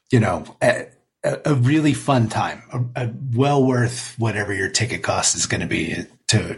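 A man from Colorado co-hosting a casual music podcast, easygoing, with halting restarts. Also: on the low side, a bit bright, breathy edge. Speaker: podcast co-host.

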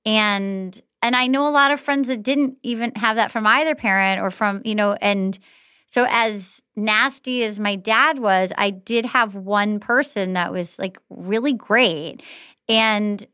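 A woman's voice: medium pitch, unhurried, pushed and bright, clear, resonant tone, no echo, clean studio sound. A woman author chatting as a guest, rambling and swearing freely, calling people "dude". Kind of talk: casual chat.

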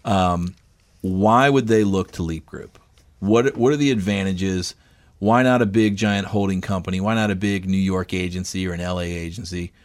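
A man's voice: low voice, moderate pace. A man, co-hosting a podcast in a rambling, chatty way. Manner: rambling, chatty, joking about bourbon. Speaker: podcast co-host. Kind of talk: casual podcast chat.

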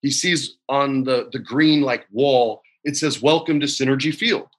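Bright-voiced man telling lively stories. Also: mid-range voice, measured pace. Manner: animated, laughing, slangy storyteller. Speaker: guest. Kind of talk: casual storytelling interview. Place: his home. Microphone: video call.

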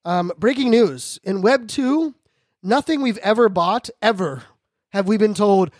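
A man hosting a podcast, talking fast and joking in a high-energy casual monologue. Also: lively intonation, dry recording, clean studio sound. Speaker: podcast host.

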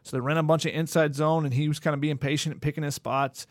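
A man's voice: a little high, little pitch movement, quick pace, no echo. Guy on a sports podcast talking through football plays, pretty dry close sound. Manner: detailed, analytical, occasional repeated words. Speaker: podcast co-host. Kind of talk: casual sports analysis.

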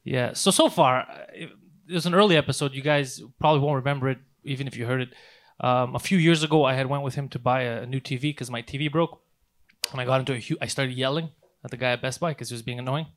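A man telling a long story in casual podcast chat, swearing often and acting out the people in it. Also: mid-range voice. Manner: fast, profane, animated storytelling. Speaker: podcast host.

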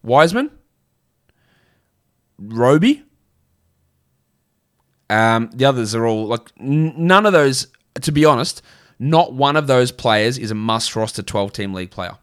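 A man's voice: medium pitch, lively intonation, unhurried, pauses often, clear, resonant tone. A man with an Australian accent hosting a casual fantasy basketball livestream, chatting bluntly and answering viewer questions, with frequent restarts and fillers.

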